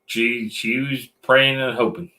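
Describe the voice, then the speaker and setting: A man with a drawl chats through a late-night livestream from a metal shop. His voice is bright and forceful, and he teases along in a relaxed, joking way. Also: medium pitch, measured pace. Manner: joking, drawling Southern talk. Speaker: livestream co-host.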